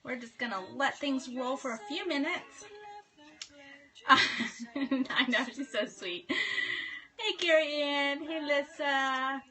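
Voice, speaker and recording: Woman, 30s, home live-stream host; high, bright, chatty, welcoming. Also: takes it slowly, soft background music. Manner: chatty, bubbly, reads out viewer names. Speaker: livestream host. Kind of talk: casual live-stream chat greeting viewers. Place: home office.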